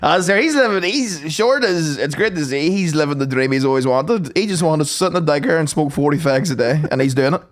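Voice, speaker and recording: A young man, chatting and telling sweary, animated stories as a podcast co-host. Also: fairly high pitch, fairly quick, few pauses. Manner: animated, sweary, acts out voices. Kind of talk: casual storytelling chat.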